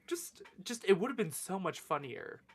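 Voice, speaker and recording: A young man co-hosting a casual fan podcast, animated and quick to react, with the odd swear. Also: sits high, husky. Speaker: podcast co-host.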